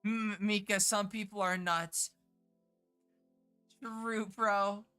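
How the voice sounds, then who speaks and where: Woman streamer, bright forceful voice, chatty and profane, reads and answers chat. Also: mid-range voice, fairly even intonation, extremely slow, smooth, soft background music. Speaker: game streamer. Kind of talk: casual live-stream chat.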